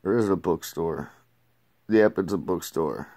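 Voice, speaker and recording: A man's voice: low voice, moderate pace, dark tone. A man giving a casual, rambling comic book review, laid-back, swearing and saying "dude" a lot.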